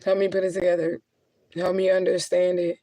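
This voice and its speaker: A woman's voice: fairly low pitch, completely flat delivery, brisk, warm tone. A young adult woman, a spiritual reader, venting candidly on a livestream, cursing freely and laughing often.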